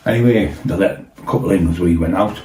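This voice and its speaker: Fast-talking gruff man with a roomy echo. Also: low-pitched, dark tone, a little hiss or hum. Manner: rambling, heavy swearing, acts out quotes. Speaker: storyteller host. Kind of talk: casual anecdotal storytelling.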